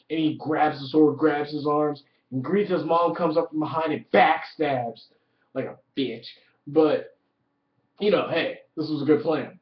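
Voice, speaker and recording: Man, casual review, excited, swears a lot, filler "like", echoey room, muffled lo-fi sound. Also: on the high side, a little slow. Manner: excited, profane, heavy use of "like". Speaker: TV episode reviewer. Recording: roomy, distant, dull lo-fi audio.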